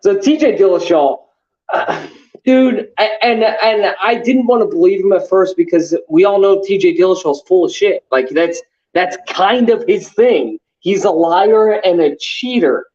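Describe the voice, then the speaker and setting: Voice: medium pitch, a little slow, darkish tone, highs cut off. A podcast co-host in casual sports chat, ranting heatedly with lots of swearing and fillers.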